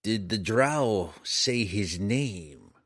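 Narrator reading as a gruff bounty hunter, slow, grim, low husky voice, dry close mic. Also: male voice, lively intonation, fairly bright tone, full character voice. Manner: slow, grim, clipped delivery.

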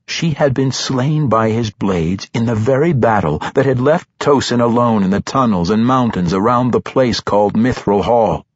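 A man narrating a fantasy audiobook in a steady, measured storytelling voice. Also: on the low side, husky, dry recording, dull audio.

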